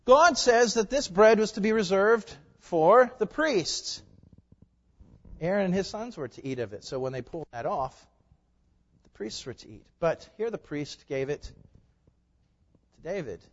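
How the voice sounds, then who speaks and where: A man with a high voice preaches in a church, chatty and direct, putting questions to his listeners and moving from loud emphasis to quiet asides. His words ring out with a long reverb, and the recording sounds dull and lo-fi. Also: lively intonation, unhurried, long pauses. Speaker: pastor. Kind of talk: sermon.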